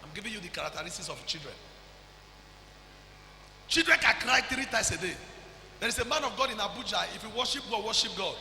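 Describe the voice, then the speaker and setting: A man with a Nigerian accent preaching a fervent sermon, breaking into shouts and slipping into pidgin. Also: high-pitched, animated, fast talker, long pauses, slight background noise. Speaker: pastor. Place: church. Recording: echoey church hall.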